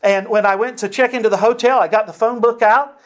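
A man preaching, telling a personal story in a sermon with lively acted-out dialogue and frequent chuckles. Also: high-pitched, a little fast. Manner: animated storyteller, acts out dialogue, chuckles often.

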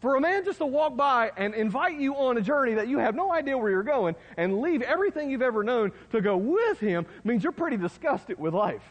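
A man's voice: very high voice, sing-song, fairly quick, hardly any pauses, highs cut off. A man preaching a sermon in a folksy, conversational way, with asides to his listeners. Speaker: pastor. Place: church sanctuary. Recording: long hall reverb.

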